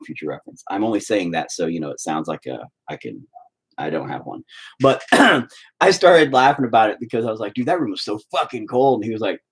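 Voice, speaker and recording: Young male host, husky, foul-mouthed, rambling, blunt storyteller. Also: low voice, poor audio. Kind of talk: casual storytelling rant.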